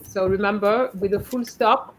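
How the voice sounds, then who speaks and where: A woman's voice: medium pitch, fairly even intonation, moderate pace, a little hiss or hum, poor audio. A woman teaching French in a live online class, patiently going through her students' letters and correcting them one by one over a video call.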